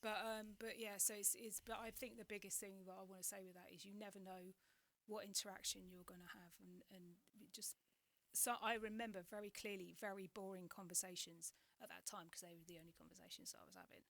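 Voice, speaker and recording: A woman's voice: mid-range voice, brisk, gravelly. A woman in her forties with an English accent, a podcast guest telling a personal story in candid conversation and acting out the exchanges she remembers. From England. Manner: animated, acts out remembered exchanges, restarts often.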